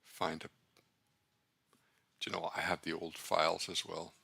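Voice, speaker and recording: A deep-voiced man talks traders through his charts, rambling and blunt, often correcting himself mid-sentence. His voice is gravelly with a sharp, bright edge, and it sits close and dry with no room sound. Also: flat delivery, normal speed, no echo. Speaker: trader keeping a trading journal. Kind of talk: casual talk while screen-sharing charts.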